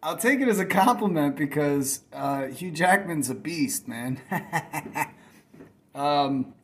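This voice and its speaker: A man's voice: fairly high pitch, lively intonation, takes it slowly. Heated, cursing man on his channel. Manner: heated, confrontational, profane. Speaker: channel host. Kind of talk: reaction commentary.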